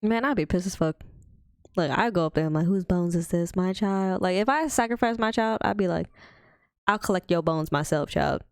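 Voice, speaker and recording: A woman's voice: fairly low pitch, moderate pace, clean tone, no echo, clean studio sound. A woman co-hosting a casual chat show, swearing often and acting out her stories. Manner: swears a lot, animated storytelling. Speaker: podcast co-host.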